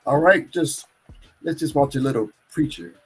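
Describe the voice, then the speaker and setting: Husky-voiced man hosting a live stream. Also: on the high side, expressive, moderate pace, poor audio. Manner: rambling and self-correcting, churchy. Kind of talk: casual live stream chat.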